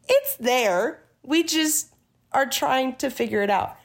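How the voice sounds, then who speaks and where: This young woman co-hosts a podcast, her voice sitting high and sing-song at a moderate pace. Chatting casually, she wanders through anecdotes while acting out people's quoted lines.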